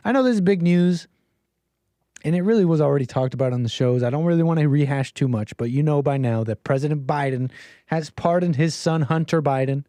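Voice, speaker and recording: A man's voice: a little high, a little fast, warm tone, dry recording. A man hosting a call-in livestream, chatting in a rambling, playful way with his viewers. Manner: rambling, playful, talks to the chat. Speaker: call-in show host. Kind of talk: casual livestream chat.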